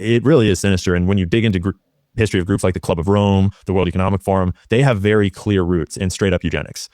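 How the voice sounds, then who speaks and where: A man's voice: sits low, a little mellow, no echo, clean studio sound. A young man from Washington State talking intensely and profanely as an interview guest. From Washington State, USA. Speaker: podcast guest. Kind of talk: interview conversation.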